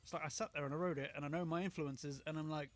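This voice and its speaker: A man in casual livestream chat, telling his stories with animated energy. He laughs often between his remarks. His voice sits a little above average in pitch. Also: rapid-fire. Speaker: podcast co-host.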